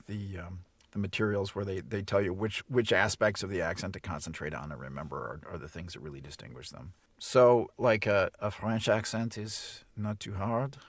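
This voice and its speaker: A man's voice: low voice, fairly even intonation, normal speed, dry recording. A middle-aged man from the Chicago area, an audiobook narrator, speaking in a standard American accent and chatting casually in an interview, often stumbling and repeating words as he starts sentences. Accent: none; standard American English. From Chicago area, USA.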